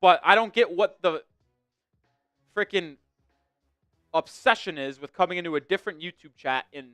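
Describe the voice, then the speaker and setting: A man streaming sports commentary on his own, fired up and venting to his live chat between score updates. His voice sits high and comes through crisp and smooth. The sound is dry and close, with faint music playing under it. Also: expressive, moderate pace, a bit bright, no room sound. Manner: fired-up, ranting, talks straight to the chat.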